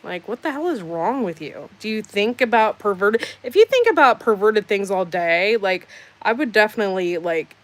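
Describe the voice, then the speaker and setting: A woman's voice: mid-range voice, lively intonation, normal speed, no room sound. A woman hosting a casual livestream, reading out chat comments with sarcastic, teasing banter. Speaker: livestream host.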